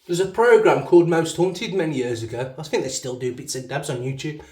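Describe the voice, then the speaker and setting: A man's voice: on the high side, brisk, a little mellow. A man with a Black Country accent chatting in a rambling, self-mocking way while he shaves at a bathroom sink. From English West Midlands. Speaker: shaving channel host. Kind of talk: casual chat while shaving. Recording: echoey bathroom sound.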